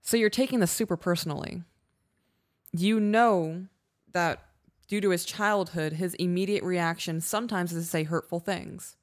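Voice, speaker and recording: A woman's voice: lowish voice, moderate pace. A woman co-hosting an advice podcast, talking directly and reading listener letters aloud. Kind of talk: casual advice chat.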